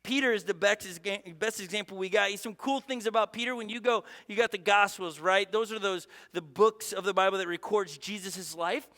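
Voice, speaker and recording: A male pastor preaching a sermon in a conversational, energetic way, with asides and quick restarts. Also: high-pitched, in a large hall.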